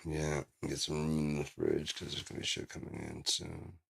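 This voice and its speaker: A man's voice: rumbling low, monotone, moderate pace, vocal fry, fairly bright tone. A man vlogging in a rambling, profane, casual monologue, telling stories and putting on silly voices.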